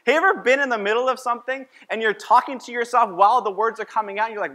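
A man's voice: very high-pitched, rapid-fire, bright, forceful tone. A man preaching as a pastor, telling a personal story in a conversational sermon and acting out his own lines.

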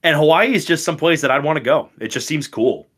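A man's voice: on the high side, brisk, a bit bright. A young man from the area, co-hosting a podcast in enthusiastic, slangy, profane casual chat. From Boston area. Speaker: podcast co-host.

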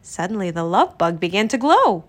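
A woman narrating a children's storybook read-aloud in an expressive, storytelling manner. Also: mid-range voice, moderate pace.

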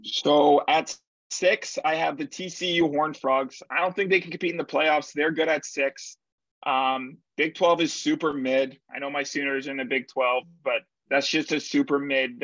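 A man's voice: a little high, fairly bright tone, no echo, muffled recording. A young man co-hosting a podcast, chatting casually about college football and confidently rattling off picks and betting lines. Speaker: podcast co-host. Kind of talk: casual sports chat.

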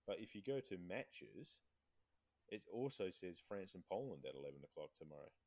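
Lively man hosting a podcast. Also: low voice, brisk. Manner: laughing, playful, teasing. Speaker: podcast host. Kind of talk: casual chat.

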